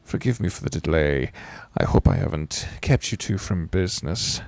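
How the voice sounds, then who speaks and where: A man doing a gentle old Quaker's slow drawl. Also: sits low, expressive, dry recording, voice pushed down. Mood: calm, earnest. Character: gentle older male Quaker host.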